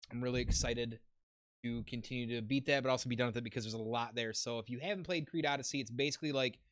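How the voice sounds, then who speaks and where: A man's voice: mid-range voice, a bit bright, no room sound. A man hosting a casual podcast, laid-back and rambling, swearing now and then. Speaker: podcast host. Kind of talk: casual chat.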